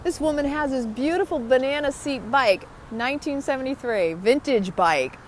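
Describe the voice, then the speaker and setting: A woman's voice: sits high, lively intonation, moderate pace, slight background noise. A woman talking to her viewers in a motivational vlog, upbeat and chatty. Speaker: vlogger. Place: outdoors.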